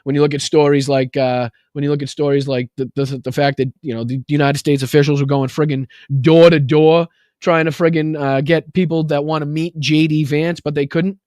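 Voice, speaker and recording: A man's voice: fairly high pitch, flat delivery, fairly quick, a little mellow, no room sound. Guy hosting a political livestream, rambling, talking through his screen clicks, dry close sound. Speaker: show host.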